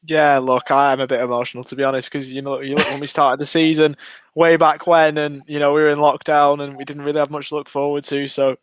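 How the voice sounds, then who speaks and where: A man talks in loose, self-deprecating podcast banter. His voice sits a little high, smooth and clean, recorded close and dry with no room sound. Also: level tone, fast, dry recording. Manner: chatty, self-deprecating, rambling. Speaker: podcast co-host.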